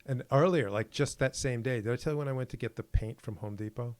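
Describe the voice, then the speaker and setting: A man co-hosting a podcast tells stories animatedly in casual chat, acting out what people said. He talks fast at a medium pitch, and the recording is dry.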